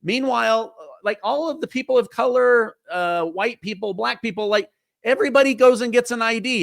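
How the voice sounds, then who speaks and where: High-voiced male talk show host. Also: vocal fry, no room sound, clean studio sound. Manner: animated, quick questions, acts out quoted voices. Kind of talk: political talk show chat.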